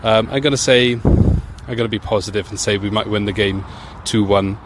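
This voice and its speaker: A man guests on a football podcast, speaking in a low, measured voice that pauses and restarts as he thinks. Clear outdoor noise and passing traffic sit under his voice, as if he recorded outside. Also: steady tone. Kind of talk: casual football chat.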